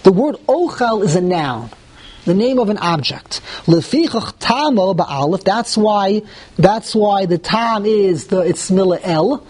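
A Torah teacher with a high, unhurried voice leads a Talmud class for students in a room. Animated, he repeats words as he thinks aloud, often posing questions to the class and answering them himself.

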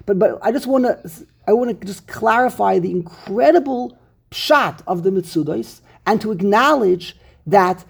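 A man's voice: sits high, animated, moderate pace, vocal fry, husky. A man teaching a Torah text class, explaining verses emphatically and repeating words for stress. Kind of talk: Talmudic-style text study class.

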